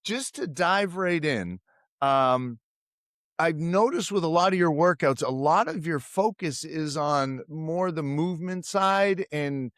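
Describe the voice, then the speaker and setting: A middle-aged man from the United States hosting a casual podcast interview, chatty and quick to laugh. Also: on the high side, animated, fairly bright tone, dry recording, clean studio sound. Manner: chatty, laughs easily, stumbles over apologies. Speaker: podcast host.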